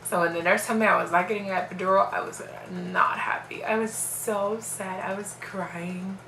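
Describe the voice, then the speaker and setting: A woman's voice: mid-range voice, moderate pace, roomy sound, slight background noise, low-quality recording. A young woman casually telling a personal story on her vlog, acting out what people said. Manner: animated, acts out quoted voices.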